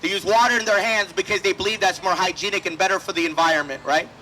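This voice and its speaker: A man's voice: sits high, steady tone, fast, bright, forceful tone, a little hiss or hum, poor audio. A man doing a brash, profane stand-up set at an outdoor festival stage, slipping into voices for the people in his stories. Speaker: stand-up comedian.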